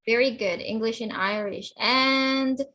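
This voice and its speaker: A woman's voice: a little high, a little slow, sharp tone, low-quality recording. A woman teaching an online English class to children, explaining patiently and often checking that the students understand.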